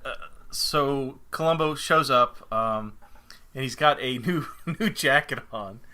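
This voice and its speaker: A man's voice: mid-range voice, measured pace, pushed and bright. A man co-hosting a podcast, recapping a TV episode in casual chat, laughing easily and using lots of fillers. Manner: laughs easily, retells scenes with many fillers. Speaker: podcast co-host.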